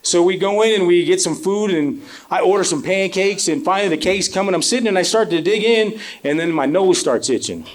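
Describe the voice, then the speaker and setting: A middle-aged man from Colorado Springs doing a stand-up comedy set on a club stage, telling animated stories full of "you know" fillers. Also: sits high, fairly quick. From Colorado Springs, USA. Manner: animated storytelling, lots of fillers. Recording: live club with crowd laughter.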